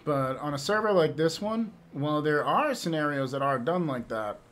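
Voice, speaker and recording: A man's voice: fairly high pitch, animated, moderate pace, fairly bright tone, slight background noise. A man streaming and chatting casually with viewers, rambling and laughing often, with some swearing.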